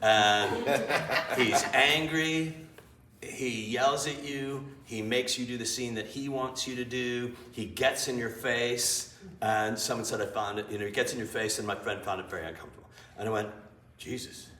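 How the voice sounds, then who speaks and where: A man, an improv teacher and director, telling animated, self-mocking stories in an interview. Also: medium pitch, normal speed. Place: theater. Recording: roomy, distant mic with faint noise.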